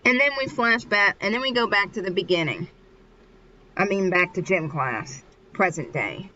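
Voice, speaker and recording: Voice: medium pitch, expressive, normal speed, pushed and bright. A vlogger casually retelling a comic chapter, rambling loosely with lots of filler and restarts. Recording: muffled with faint hiss.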